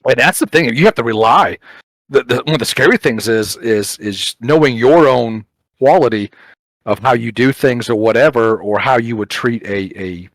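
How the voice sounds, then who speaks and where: Animated man telling stories, dry close sound. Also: medium pitch, moderate pace, dry recording, low-quality recording. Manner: animated storytelling, acts out quotes, frequent "like" fillers. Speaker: podcast co-host, police officer. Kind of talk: casual chat, storytelling.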